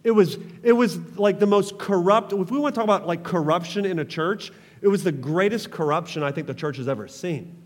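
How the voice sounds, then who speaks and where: A man's voice: sits high, a little fast, few pauses, big-room sound. A man preaching a sermon as pastor, passionate, calling on the congregation to respond.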